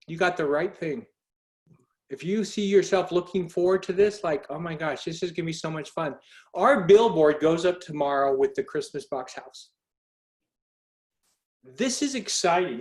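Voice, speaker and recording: A man's voice: high voice, a little mellow. Earnest man urging listeners on a call. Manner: earnest, urging, asks the audience direct questions. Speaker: host. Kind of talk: motivational talk on a group call. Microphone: video call.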